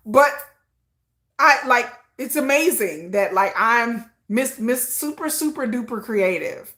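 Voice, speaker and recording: Animated, laughing woman livestream host. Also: a little high, normal speed. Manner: animated, self-mocking, laughs often, talks to chat as "y'all". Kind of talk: casual livestream chat.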